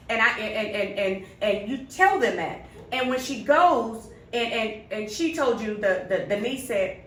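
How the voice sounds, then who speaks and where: A woman's voice: fairly high pitch, lively intonation, unhurried, a bit bright. A woman co-hosting a podcast, telling a family story in casual chat and acting out the quoted lines. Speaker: podcast co-host. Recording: roomy, distant mic, faint noise.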